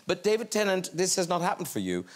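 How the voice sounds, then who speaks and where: A man's voice: high-pitched, big pitch swings, fast talker, noisy background. A man hosting a TV chat show, prompting his guests with teasing questions. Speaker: talk show host.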